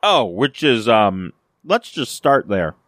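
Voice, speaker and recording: In a studio-quality recording with no room sound, a male podcast co-host rambles casually about a TV episode he's reviewing. His fairly low voice swings widely in pitch, is a bit bright, and takes its time. He fills the talk with fillers and restarts and performs the lines he quotes.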